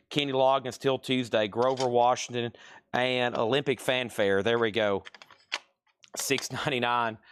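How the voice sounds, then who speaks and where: A man's voice: mid-range voice, fairly bright tone, clean tone, no echo. A man hosting a live record and cassette sale, chatting casually as he names items and prices. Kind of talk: casual live-stream selling.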